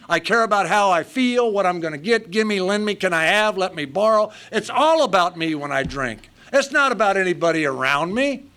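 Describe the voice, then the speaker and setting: A man's voice: high-pitched, fairly bright tone. A man in his sixties telling his own life story at a recovery meeting, blunt and self-mocking in short punchy sentences, speaking live before an audience. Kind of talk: humorous personal storytelling.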